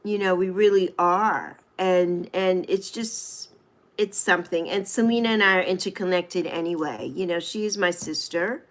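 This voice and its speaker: A middle-aged woman hosting a live chat with viewers, emotional and affirming as she talks about spiritual connection. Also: on the low side. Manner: emotional, slow and heartfelt, reads viewers' names. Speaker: livestream host.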